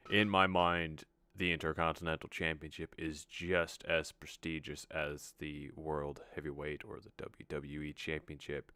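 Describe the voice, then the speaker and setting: Deep, crisp-voiced man for earnest, reflective game-stream commentary. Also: sharp tone, no room sound. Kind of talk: casual gameplay commentary.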